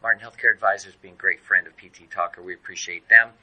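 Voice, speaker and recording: A man's voice: sits low, steady tone, quick pace, highs cut off. A man hosting a podcast interview, chatty, with frequent brief affirmations and a sign-off. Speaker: podcast host.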